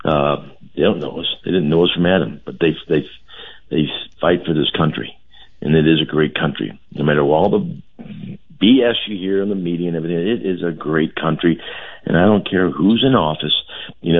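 A very deep, husky man tells stories in a homespun, patriotic way and keeps circling back to his point. His voice comes through thin and phone-like, as on a radio line. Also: fairly quick. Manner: folksy, patriotic, rambling storyteller. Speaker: car dealership owner, radio guest. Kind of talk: casual radio chat.

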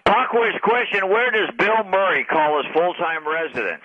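A man reading entertainment news on a radio show and chatting with the hosts in a wry, deadpan way. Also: sits high, moderate pace, hardly any pauses, muffled recording. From Southern California. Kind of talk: casual radio chat. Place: radio studio.

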